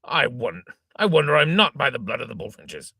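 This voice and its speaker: A man voicing a hot-tempered old gentleman who sputters oaths and exclaims indignantly, in an amateur reading of an old farce. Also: medium pitch, very animated, fairly quick, creaky, slightly rough, no room sound, clean studio sound, full character voice.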